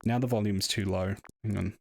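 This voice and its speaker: A man's voice: lowish voice, fairly even intonation, fairly quick, gravelly. Chatty British male game streamer. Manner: chatty, self-deprecating, explains history. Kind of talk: casual live-stream commentary.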